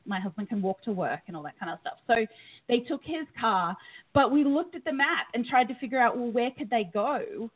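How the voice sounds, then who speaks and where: A woman's voice: on the high side, expressive, fairly quick, breathy edge. A woman from Australia with an Australian accent, chatting as a podcast guest with many ums and easy laughs. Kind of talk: casual chat. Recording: tinny phone-like audio.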